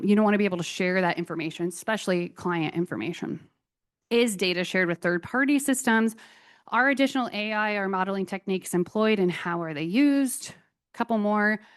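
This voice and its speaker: A woman presenting a conference talk on software tools, chatty and enthusiastic with self-deprecating asides. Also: medium pitch.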